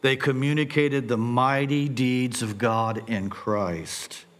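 Man, middle-aged, pastor's sermon, unhurried, rhetorical questions, repeats words. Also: mid-range voice, fairly even intonation, fairly bright tone.

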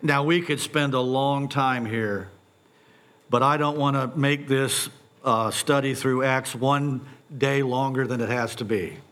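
A middle-aged man preaching a sermon, posing animated rhetorical questions and stumbling over repeated words when excited. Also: mid-range voice, a little slow. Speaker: pastor.

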